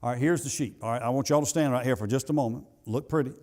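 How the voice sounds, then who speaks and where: A pastor preaching a sermon in a church, building to emphatic peaks and then dropping to soft asides, with some halting repeats. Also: male voice, mid-range voice. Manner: halting repetitions. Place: church sanctuary.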